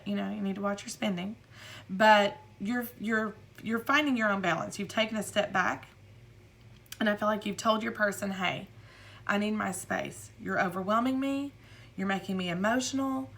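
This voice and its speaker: A woman's voice: medium pitch, fairly bright tone. A woman giving a casual tarot reading, rambling and repeating her words, often acting out imagined quotes. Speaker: tarot reader.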